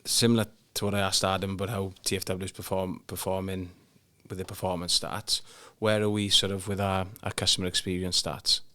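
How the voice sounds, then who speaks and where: Male host, very low and level voice, bright and sharp tone, leading questions. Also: level tone, brisk, hardly any pauses, clear, resonant tone. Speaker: podcast host. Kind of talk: interviewing.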